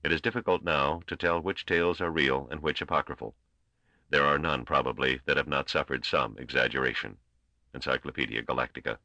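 A man reading an audiobook in steady, measured scripted narration. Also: extremely low pitch, no echo, dull audio.

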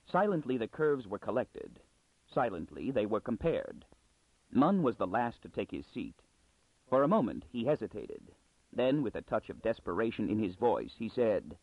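A man narrating an audiobook with an expressive, scripted reading. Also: breathy edge, dry recording. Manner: expressive reading with animated pitch. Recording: dry, phone-like narrow sound.

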